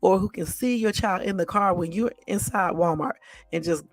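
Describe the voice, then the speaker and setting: A woman's voice: medium pitch, moderate pace, no room sound, soft background music. A woman hosting a live stream, reacting bluntly and with exasperation to news clips, repeating herself and swearing casually. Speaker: channel host.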